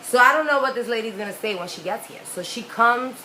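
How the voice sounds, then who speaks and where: A woman's voice: a little high, animated, fairly quick, bright, forceful tone, low-quality recording. A young woman telling a personal story in a casual, candid, profane way, rambling with lots of "like"s. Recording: faint background noise.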